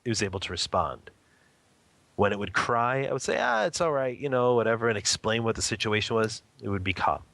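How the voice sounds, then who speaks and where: A man's voice: lowish voice, fairly quick, a bit bright, dry recording. A man guest talking casually about family life and spiritual practice, checking in with "okay?" and "you know" and chuckling often. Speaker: interview guest, home meditation practitioner and father. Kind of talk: casual spoken teaching.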